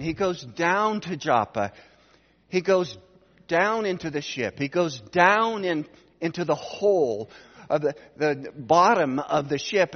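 A man preaching an expository sermon, emphatic, swinging between loud stresses and quiet asides. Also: fairly high pitch. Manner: emphatic, rising and dropping in volume to stress points. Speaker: pastor. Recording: dull recording with long hall reverb.

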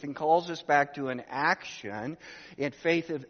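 A man's voice: on the high side, unhurried. A man in his sixties, a pastor preaching a sermon, telling a family story and putting rhetorical questions to the congregation. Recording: dull sound with long hall reverb.

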